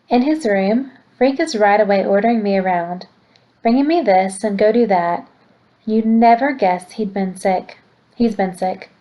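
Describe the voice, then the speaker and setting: A woman teacher reading a novel aloud to a class in a plain, steady storytelling way. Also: mid-range voice, measured pace, low-quality recording.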